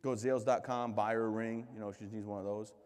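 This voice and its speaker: A man in his thirties from the United States giving a keynote speech as a string of comic stories, joking and poking fun at himself, with lively voices for the people he quotes. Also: on the low side, quick pace, smooth. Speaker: keynote speaker. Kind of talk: comedic storytelling speech. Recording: reverberant hall.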